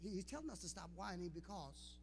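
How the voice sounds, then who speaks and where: A young adult man preaching a sermon as pastor, calling out to the congregation, building to shouts and sung, chanted lines. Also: high voice, expressive, brisk, gravelly, in a large hall, slight background noise. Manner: call-and-response preaching, rising to shouts and sung phrases. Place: church sanctuary.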